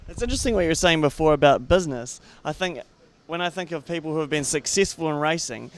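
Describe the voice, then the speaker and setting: A man's voice: on the high side, lively intonation, fast talker. A man interviewing a guest in a casual, enthusiastic way with casual slang.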